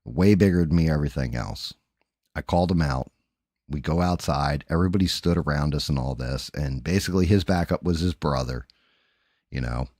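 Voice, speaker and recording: A man's voice: extremely low pitch, no echo, clean studio sound. A man hosting a livestream chat and telling a story casually, swearing freely and adding sound effects as he talks. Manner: profane, animated, with sound effects. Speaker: livestream host.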